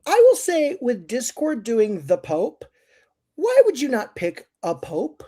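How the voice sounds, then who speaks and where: A woman's voice: fairly high pitch, sing-song, takes it slowly, dark tone, slightly rough. A woman co-hosting a casual recap podcast, wry and blunt. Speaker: podcast co-host.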